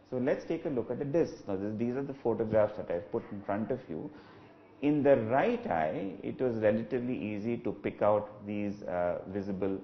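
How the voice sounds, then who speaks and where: Male doctor lecturing to a webinar, fairly low voice, patient and explanatory, muffled lo-fi sound. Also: slight background noise. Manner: measured, explanatory, with frequent "uh" fillers. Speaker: ophthalmologist lecturer.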